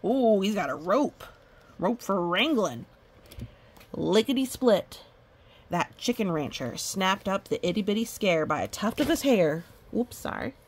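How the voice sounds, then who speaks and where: A woman's voice: mid-range voice, big pitch swings, a little slow, husky. A woman reading a children's picture book aloud, chatting and delighting over the illustrations. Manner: chatty, amused, commenting on pictures. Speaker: storybook reader.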